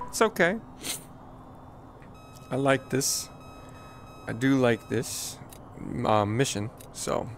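A man's voice: medium pitch, creaky, a little hiss or hum. A man streaming a flight game, chatting casually and poking fun at his own flying while talking to viewers. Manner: chatty, self-deprecating, talks to viewers. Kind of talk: casual live gameplay commentary.

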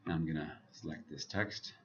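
A man teaching a software tutorial over his screen, talking casually and thinking aloud as he clicks through each step. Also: rumbling low, steady tone, a little fast, dull audio, slight background noise.

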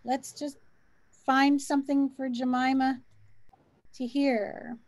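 High, encouraging woman co-host, middle-aged, dry recording, casual spiritual chat. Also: flat delivery, takes it slowly, darkish tone, no room sound. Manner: encouraging, coaching tone.

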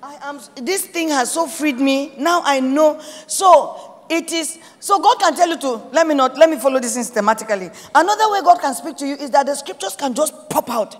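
A woman's voice: high voice, lively intonation, normal speed, big-room sound. Emphatic Nigerian woman preaching. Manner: emphatic, repetitive preaching with quoted prayers. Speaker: pastor. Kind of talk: sermon.

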